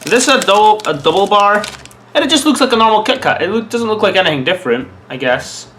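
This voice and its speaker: Speaking fast in a high voice against background noise, a Scottish man reviews food in a casual vlog. He's chatty and lively, musing out loud between bites.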